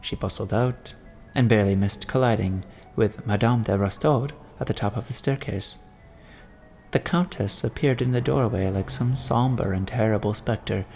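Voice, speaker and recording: A man giving a measured, solemn reading of a classic novel as an audiobook narrator. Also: lowish voice, darkish tone, soft background music.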